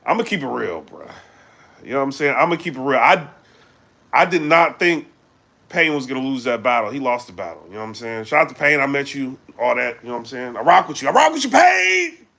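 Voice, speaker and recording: A man chatting casually on a live stream, animated and full of fillers, breaking into loud shouts when he gets excited. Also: mid-range voice, brisk, gravelly. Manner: animated, loose, full of fillers like "you know what I'm saying". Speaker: battle rap commentator.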